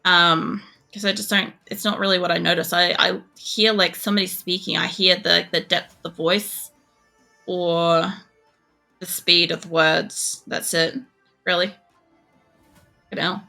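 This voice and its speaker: A woman's voice: fairly low pitch, level tone, unhurried, creaky, pushed and bright, faint music behind. An Australian woman streaming a game, chatting casually in a rambling way, swearing often and filling gaps with fillers. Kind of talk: casual gameplay chat.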